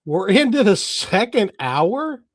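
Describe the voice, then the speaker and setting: A man's voice: high-pitched, big pitch swings, takes it slowly, no room sound, clean studio sound. A man co-hosting a radio talk show, teasing and laughing often. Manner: giggly, teasing. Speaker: radio co-host. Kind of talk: casual radio chat.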